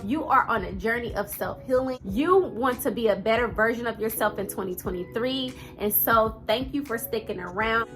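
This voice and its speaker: A woman in her thirties with a noticeable twang gives a heartfelt motivational talk straight to her viewers. Her voice sits high and rings bright, and she speaks in a casual, earnest way, with fillers sprinkled throughout. Soft music plays faintly underneath. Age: 30s. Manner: earnest, direct, conversational with fillers. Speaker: vlogger.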